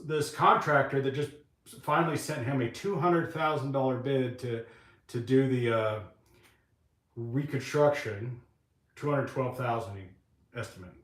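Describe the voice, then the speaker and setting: A man talks on his live stream from a private workshop, rambling from one complaint to the next and swearing often. His voice sits slightly high for a man. He is heard from some distance, with the room's echo around him. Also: fairly bright tone. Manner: rambling, profane, venting frustration. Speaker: webcam channel host. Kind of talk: casual live-stream talk while working. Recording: echoey room, mic far off.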